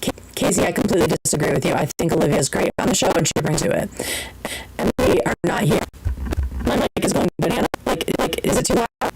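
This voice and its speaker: A woman's voice: on the low side, animated, fast talker, gravelly, very noisy. A woman hosting a live-streamed podcast, chatting casually and animatedly, with many fillers and restarts. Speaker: podcast host.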